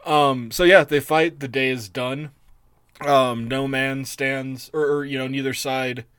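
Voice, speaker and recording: A man's voice: mid-range voice, fairly even intonation, unhurried, fairly bright tone, clear, resonant tone, no room sound, studio quality. Casual, jokey male podcast co-host. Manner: loose, jokey retelling with swearing and fillers. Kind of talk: casual chat.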